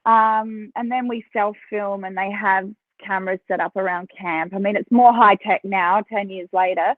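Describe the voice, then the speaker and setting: A woman with an Australian accent, a podcast guest telling stories in a chatty, animated way and laughing between phrases. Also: mid-range voice, normal speed, no room sound. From South Australia. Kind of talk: casual interview storytelling. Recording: tinny phone line, dry.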